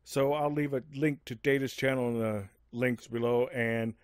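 A man hosting a game let's-play in casual, rambling commentary with many asides, speaking above his natural low register. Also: steady tone, normal speed, dry recording, clean studio sound. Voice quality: rambling, lots of fillers and asides.

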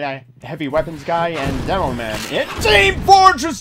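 A man doing let's-play commentary, excitable and goofy, yelling taunts and curses at enemies and making silly noises. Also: very high voice, unhurried. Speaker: gaming channel host. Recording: noisy background ambience.

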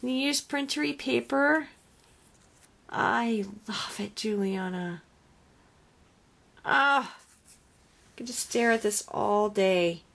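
Gushing, sighing woman with a slow drawl. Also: on the high side, vocal fry. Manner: gushing, exclamatory, often sighing. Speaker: crafting vlogger. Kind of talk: casual unboxing chat.

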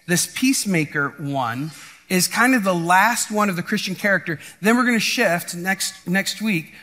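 A man's voice: high-pitched, bright, forceful tone. A man preaching a casual, conversational sermon as pastor, often restarting phrases and checking in with the congregation. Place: church.

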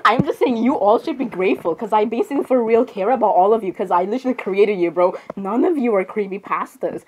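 A woman creator talking to her viewers in an improvised character chat video, excitable and laughing often, full of slang. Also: medium pitch, a little fast, hardly any pauses, a little hiss or hum.

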